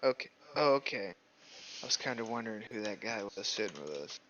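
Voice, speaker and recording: A man's voice: on the low side, lively intonation, fairly quick, pushed and bright, lo-fi sound. A man chatting casually and joking as a player in a tabletop game.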